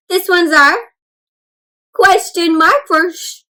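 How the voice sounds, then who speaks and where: A woman's voice: sits high, lively intonation, takes it slowly, a bit bright, poor audio. A woman giving an interactive read-aloud for children, gasping and talking straight to her young listeners. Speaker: storyteller.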